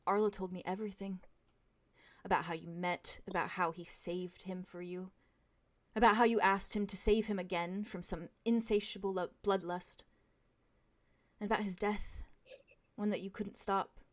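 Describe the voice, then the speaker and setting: A woman's voice: mid-range voice, steady tone, moderate pace, natural voice. A woman voicing a cold, bitter young man who snaps accusations at his brother in a tabletop game. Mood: accusing. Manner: accusing, snapping.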